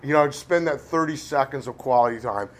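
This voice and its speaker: A man's voice: mid-range voice, a little fast, noisy background. Rambling middle-aged man sharing his story. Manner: rambling, self-deprecating, frequent "you know". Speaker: recovery speaker. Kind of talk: candid personal recovery talk.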